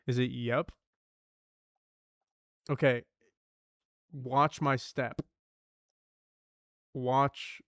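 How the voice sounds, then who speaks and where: A man's voice: medium pitch, little pitch movement, extremely slow, long pauses, a bit bright, dry recording, studio quality. A young man streaming himself solving word puzzles, thinking aloud, swearing and muttering clues to himself.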